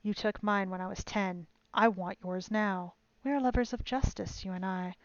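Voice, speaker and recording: A woman voicing a vengeful young male swordsman who repeats his vow with rising intensity until he is shouting. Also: medium pitch, fairly even intonation, normal speed, no room sound, lo-fi sound, close to an everyday voice. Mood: cold.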